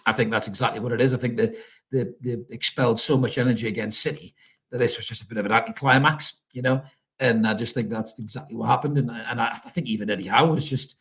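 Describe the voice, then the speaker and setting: A man's voice: mid-range voice, fast talker, a bit bright. A man hosting a casual live stream, chatting loosely, swearing freely and calling his listeners mate. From North East England. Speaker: fan channel host reading live chat.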